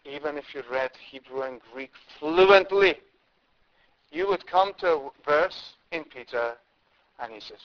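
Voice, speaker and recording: A man's voice: fairly high pitch, expressive, measured pace. A man from India preaching a sermon, impassioned, with emphatic rises and repeated words. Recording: dull lo-fi recording.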